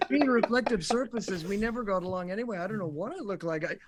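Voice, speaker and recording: Lively talk show guest, male voice actor, slightly high voice, storyteller who acts out quotes. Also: fast talker, over a noisy crowd.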